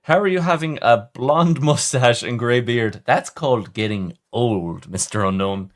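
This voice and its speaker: A man hosts a casual livestream, reading the chat and talking with viewers in a rambling way, often stumbling and restarting. His voice is medium-pitched and unhurried.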